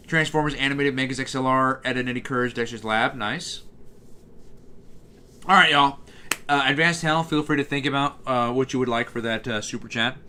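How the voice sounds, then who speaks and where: Brief: live streamer, bright tone, loose rambling chat to viewers, lots of false starts. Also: male voice, mid-range voice. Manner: rambling, reading chat aloud, many fillers and restarts.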